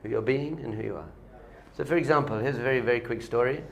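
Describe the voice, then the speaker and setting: A man's voice: mid-range voice, quick pace, gravelly, muffled recording. A man, a rabbi, giving a spiritual lesson with a story, talking animatedly and repeating key points for emphasis.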